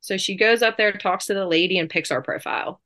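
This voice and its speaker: A woman in her thirties telling her story as an interview guest, chatty and quick, with many fillers. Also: mid-range voice, a bit bright. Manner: chatty, fast bursts, lots of fillers.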